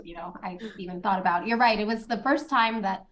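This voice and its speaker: A woman's voice: mid-range voice, fairly quick, a bit bright. Chatty woman lawyer telling stories. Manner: chatty storytelling with light laughs. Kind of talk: interview answers.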